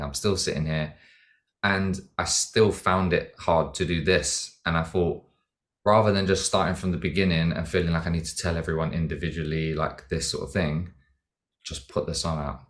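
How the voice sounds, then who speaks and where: Deep-voiced reflective man. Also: fairly even intonation, moderate pace. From Britain. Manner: reflective, rambling with many fillers and restarts. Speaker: podcast guest, dancer and singer. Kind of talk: casual interview chat.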